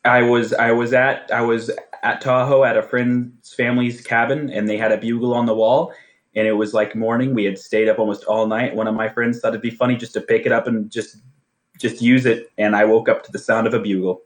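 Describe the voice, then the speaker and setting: Casual male co-host, laughs easily, mid-pitched, lively storyteller. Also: brisk. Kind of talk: casual chat.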